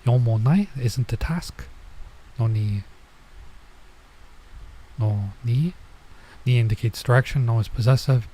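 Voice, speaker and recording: A man's voice: medium pitch, unhurried, long pauses, warm tone, slight background noise. A man running a casual Japanese lesson, reading manga lines aloud and translating them with lots of filler words. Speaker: vtuber teaching Japanese.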